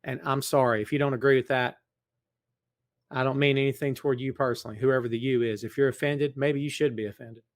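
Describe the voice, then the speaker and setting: A man's voice: mid-range voice, fairly even intonation, fairly quick, dry recording. A middle-aged man hosting a live stream, greeting viewers by name and teasing them, then speaking earnestly. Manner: serious, earnest appeal. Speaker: podcast host. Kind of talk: casual live-stream chat. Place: large empty building. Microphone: in front of a camera.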